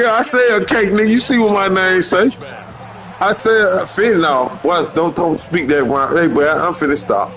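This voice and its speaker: A man streaming a football video game, loudly trash-talking his online opponent with slang and profanity. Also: high voice. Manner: loud, boastful trash talk with heavy slang and profanity. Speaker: gamer streamer.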